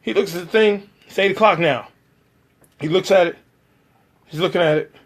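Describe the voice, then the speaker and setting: A man with a high-pitched voice speaks at a moderate pace, recounting a personal story about working as a background actor and acting out other people's lines in shifting voices.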